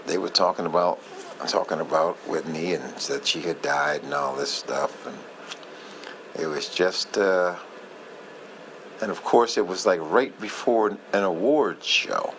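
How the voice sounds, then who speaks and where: A man casually reminiscing in a heartfelt, rambling way, often halting and losing his thread. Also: low voice, fairly bright tone, a little hiss or hum, rough recording. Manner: heartfelt, moved by the memory. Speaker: vlogger sharing memories.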